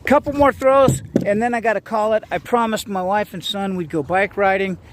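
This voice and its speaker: A man casually narrating an outdoor vlog by a lake, upbeat and rambling, with plenty of fillers and excited exclamations. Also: high voice, normal speed, background noise. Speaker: vlogger.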